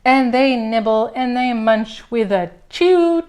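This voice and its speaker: Slow, expressive storytime reader, a woman. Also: fairly high pitch. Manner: slow, expressive, talks to little children. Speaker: children's librarian. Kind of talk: preschool storytime read-aloud.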